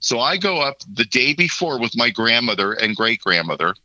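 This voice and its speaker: Male guest, 50s, piercing bright voice, recorded dry; chatty anecdote teller who voices the people he quotes. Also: medium pitch, normal speed, no echo, rough recording. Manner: animated anecdote-telling, acts out quoted voices. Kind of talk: casual storytelling conversation.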